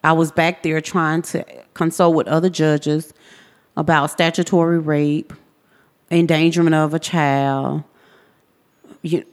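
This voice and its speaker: A woman in her forties, a podcast guest, retelling her own story in a vivid, animated way. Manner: animated, vivid retelling that jumps high when quoting others. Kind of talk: personal storytelling in a podcast interview.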